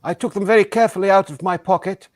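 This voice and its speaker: A man's voice: high voice, fast, no room sound, lightly acted. A man playing a flustered, overly earnest party guest in an improvised comedy scene, stammering in a prim, formal way.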